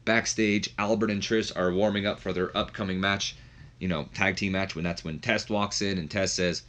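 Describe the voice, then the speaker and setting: A man's voice: low voice, steady tone, moderate pace, fairly bright tone. A man giving casual, rambling commentary on a wrestling management game playthrough. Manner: rambling, filler-heavy.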